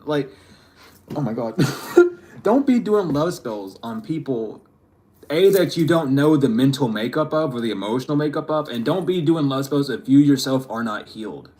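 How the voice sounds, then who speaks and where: A man's voice: mid-range voice, animated, normal speed, dark tone. A man giving a casual spiritual tarot reading to camera, chatty and slangy, often breaking into laughter. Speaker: tarot reader.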